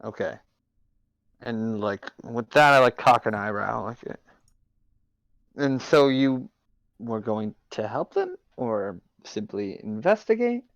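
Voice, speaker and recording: A man's voice: mid-range voice, expressive, slow, long pauses, dry recording, highs cut off. A man playing a tabletop game, narrating his character's actions with lots of fillers. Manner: rambling, filler-heavy narration. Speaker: player. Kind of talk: tabletop role-play chat.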